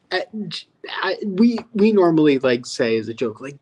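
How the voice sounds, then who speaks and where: A man's voice: fairly high pitch, sing-song, moderate pace, darkish tone. A man co-hosting a podcast in a casual recap chat, blunt and exasperated, cursing freely. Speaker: podcast co-host.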